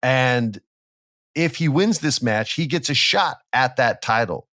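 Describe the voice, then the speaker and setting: A man hosts a casual wrestling podcast as an animated storyteller, acting out quotes and sound effects. His voice is medium-pitched and a little slow. The studio sound is clean with no echo.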